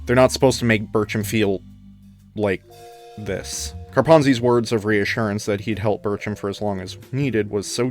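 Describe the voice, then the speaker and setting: Low-voiced man reading a story. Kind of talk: reading a comedic fan story aloud. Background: faint guitar music.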